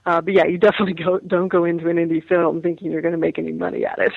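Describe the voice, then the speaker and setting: A woman's voice: fairly low pitch, level tone, racing, creaky, no room sound, phone-quality sound. A woman, an actress, chatting in an interview, laughing often and restarting her words. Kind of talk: casual interview chat.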